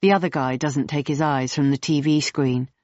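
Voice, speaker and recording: A man reading an audiobook in a measured, even storytelling manner, on a dull, dry recording. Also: on the high side, no echo. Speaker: audiobook narrator. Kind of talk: scripted narration.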